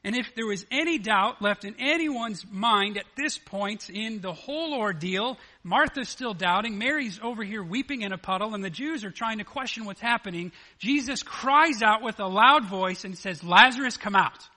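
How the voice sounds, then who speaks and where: Bright, high-voiced male preacher. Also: normal speed, few pauses. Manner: animated, acts out the scripture dialogue in lively voices. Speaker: pastor. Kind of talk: sermon.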